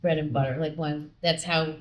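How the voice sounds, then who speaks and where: A woman with a voice on the low side for her sex tells a personal story to a host. She is animated and acts out the voices of the people in it. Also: moderate pace. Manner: animated, acts out quoted dialogue. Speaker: podcast guest; singer with a record contract.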